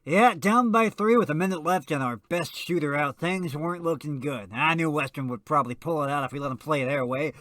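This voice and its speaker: A man's voice: on the high side, sharp tone, no echo. An actor playing a boastful college basketball coach who chuckles proudly while recounting his dirty tactics in a comedic radio sketch.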